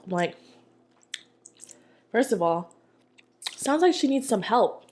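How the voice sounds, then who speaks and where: A woman's voice: fairly high pitch, slow pace, pauses often. Sassy young woman telling a story. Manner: animated, sassy, slangy. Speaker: mukbang vlogger. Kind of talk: casual storytelling while eating.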